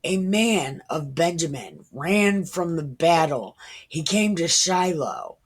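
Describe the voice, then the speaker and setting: Her voice sits low, slightly rough and expressive, and she speaks slowly. A woman in her thirties, she reads the Bible aloud and muses over it informally and irreverently, drifting into whispers.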